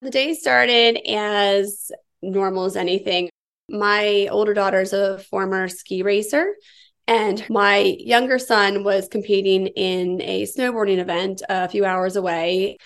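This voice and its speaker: A woman's voice: mid-range voice, fairly even intonation, unhurried, fairly bright tone. A middle-aged woman from the United States, an interviewee tensely and vividly retelling a personal ordeal. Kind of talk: personal account.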